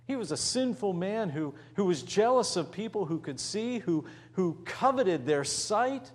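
Animated preacher man telling a story. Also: high voice, a little slow. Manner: dramatic, acts out voices, drops to near whisper. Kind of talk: sermon storytelling.

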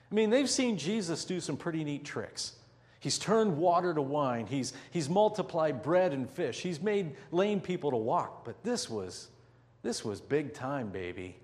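Male pastor with a slightly high voice, preaching a sermon as a vivid storyteller who leans on slow, drawn-out emphasis. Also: a little mellow, long reverb tail.

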